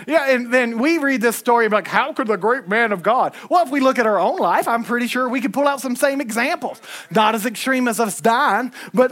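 A man, preaching a lively sermon with folksy asides and shouted lines. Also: very high voice, fairly quick.

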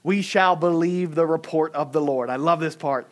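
High-voiced preaching man, dramatic swings. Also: normal speed, few pauses. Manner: preaching with big swings from shouts to hushed tones; colloquial, dramatic storytelling. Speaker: pastor. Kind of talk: sermon.

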